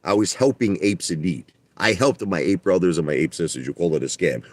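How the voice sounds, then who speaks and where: Livestream host, man, very low voice, dry close sound, defensive repetitive ranter. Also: a little fast, hardly any pauses, a little mellow, dry recording. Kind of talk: ranting livestream monologue.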